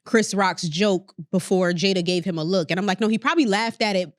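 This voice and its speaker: A woman's voice: medium pitch, brisk, dry recording, clean studio sound. A woman co-hosting a podcast, arguing her point bluntly and swearing freely in casual debate. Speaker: podcast co-host.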